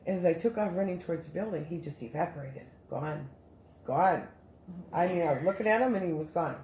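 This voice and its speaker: A woman casually telling a story as a guest, animated and rambling with many restarts. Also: fairly low pitch, brisk, reverberant, slight background noise.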